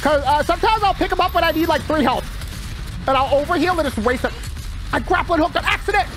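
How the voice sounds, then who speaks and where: A man giving live gameplay commentary, excitable, talking to himself and yelping when things go wrong. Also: very high-pitched, fast, music in the background. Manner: excitable, talks to himself, yelps when panicked. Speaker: gaming channel host.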